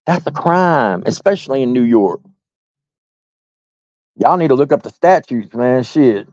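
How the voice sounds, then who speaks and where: A man's voice: medium pitch, normal speed, long pauses, a little mellow, dry recording. A man ranting in a heated way, swearing constantly and rambling as he talks straight to his viewers. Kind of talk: heated profane rant. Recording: dull lo-fi audio.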